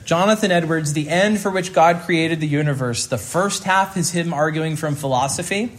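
A man preaching a sermon, teaching in a deliberate, emphatic way and slowing down on key phrases. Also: a little high.

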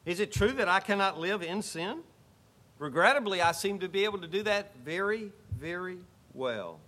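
A man preaching a sermon as pastor, emphatic, rising to exclamations and dropping to quiet asides. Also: sits high, lively intonation, moderate pace.

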